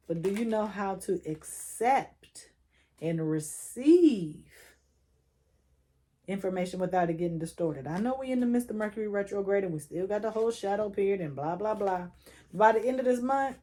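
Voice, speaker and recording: A young woman gives a relaxed, chatty tarot reading with a mellow, warm tone. She coaches the listener directly and drops in slang as she goes. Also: medium pitch. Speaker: tarot reader.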